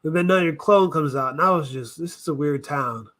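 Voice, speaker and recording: A man riffing through casual reaction commentary with a voice pitched a little high. He thinks out loud, wanders off track and corrects himself as he goes. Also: moderate pace, music in the background. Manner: rambling, thinking aloud, self-correcting. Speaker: reaction video host.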